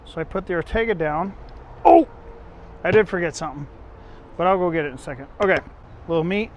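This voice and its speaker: A man's voice: high voice, expressive, fast, a little hiss or hum. A man hosting a casual home cooking video, chatting to viewers in a rambling, self-correcting way. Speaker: home cook and channel host.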